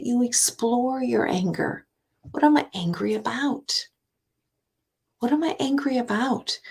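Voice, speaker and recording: A woman author giving a reflective self-help talk, asking herself rhetorical questions and often dropping into a soft, breathy near-whisper. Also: mid-range voice. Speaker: author and divorce speaker.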